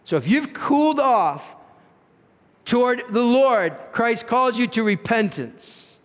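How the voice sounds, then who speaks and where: A pastor delivers an earnest sermon in a church sanctuary, posing rhetorical questions and shifting his emphasis dramatically, with the reverberant hall audible on the recording. His voice is very high-pitched, swings widely in pitch, and he takes his time.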